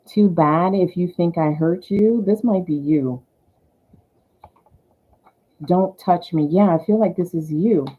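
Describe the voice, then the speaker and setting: A woman with a Southern US accent giving a casual tarot reading, chatty and giggly, softly thanking the angels. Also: fairly low pitch, slow pace, long pauses, husky. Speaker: tarot reader. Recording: tinny phone-like sound.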